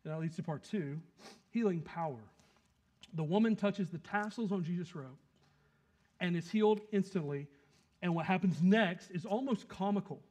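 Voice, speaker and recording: A high-pitched male pastor delivers an animated sermon, swinging between loud emphasis and soft asides. He plays out the scene with quick acted quotes.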